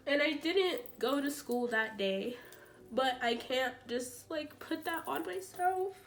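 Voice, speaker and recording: A woman's voice: sits high, lively intonation, slow pace, a little hiss or hum. A young woman vlogger telling a painful story through tears, rambling and filling her talk with "like". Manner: rambling, heavy use of "like", acts out quoted talk. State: tearful, voice breaking. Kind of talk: emotional storytime vlog.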